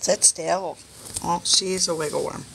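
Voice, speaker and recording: A woman hosting a casual live stream with her pet chinchillas, coaxing them in soft baby talk and chatting to viewers. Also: fairly low pitch, fairly even intonation, unhurried, gravelly, a little hiss or hum.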